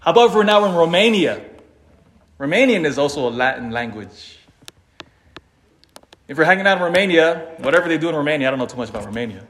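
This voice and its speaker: A man giving a sermon, animated and dramatic, swinging between loud emphasis and quiet asides, with an occasional chuckle. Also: on the high side, fast, pauses often, echoey room. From Philippines (family). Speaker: preacher.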